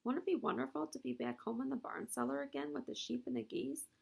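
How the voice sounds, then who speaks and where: A woman's voice: high-pitched, fast, vocal fry, slightly rough, exaggerated voice. A woman voicing an anxious young male pig, earnest and pleading, in a storybook reading. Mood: hopeful.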